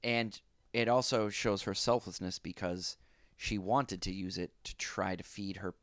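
A man co-hosting a podcast, calmly explaining plot points in a casual chat. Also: sits low, measured pace, dry recording, clean studio sound. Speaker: podcast co-host. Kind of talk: casual chat recapping a film.

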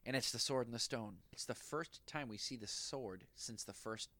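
A man's voice: mid-range voice, moderate pace, pushed and bright, no echo. A man co-hosting a casual chat, eagerly retelling film scenes. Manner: enthusiastic storyteller, retells scenes. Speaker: podcast co-host.

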